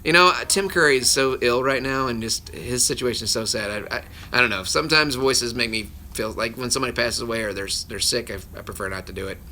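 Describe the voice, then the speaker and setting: A voice actor livestreams from his phone at home with his kids nearby, answering viewer questions in a rambling way, often cutting himself off and chuckling between answers. His mid-range voice is quick, bright, and forceful with few pauses, and there's a little hiss or hum.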